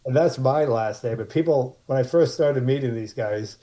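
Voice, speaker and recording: A man's voice: medium pitch, moderate pace, warm tone. Rambling New man telling stories. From Martha's Vineyard, USA. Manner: rambling anecdotes, acts out quoted voices. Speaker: podcast guest, former child actor. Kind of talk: casual storytelling interview.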